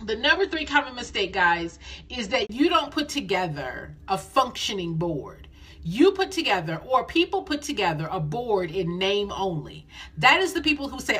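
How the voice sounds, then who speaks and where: A middle-aged woman coaching nonprofits on a phone live stream, lively and folksy, repeating phrases for emphasis. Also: fairly high pitch, normal speed, husky.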